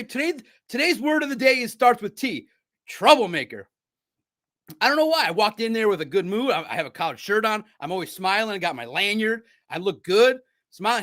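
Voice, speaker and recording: A man hosting a live sports recap stream, talking in a rambling, excitable way with frequent laughs. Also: brisk. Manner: animated swings between loud outbursts and low asides. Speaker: sports podcast host.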